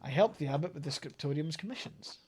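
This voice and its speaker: A man's voice: a little high, lively intonation, fast, darkish tone, slight background noise, close to an everyday voice. A Scottish man reading the lines of an earnest young male artist in a friendly, encouraging tone.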